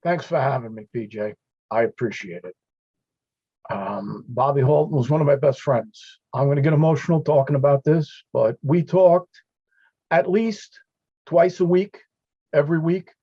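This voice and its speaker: A fire captain speaking as a guest on a video call panel, paying heartfelt tribute to a late friend through stories. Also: male voice, mid-range voice, a little slow, pauses often, warm tone, husky, no echo, dull audio. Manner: storytelling, heartfelt, quoting friends.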